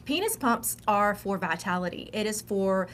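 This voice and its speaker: A woman with a Texan accent speaks frankly and with confidence, never mincing words. Her voice sits at a medium pitch over a faint background hiss. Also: animated, moderate pace, fairly bright tone. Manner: frank, confident and straight-talking. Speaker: sex coach guest. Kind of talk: casual interview talk.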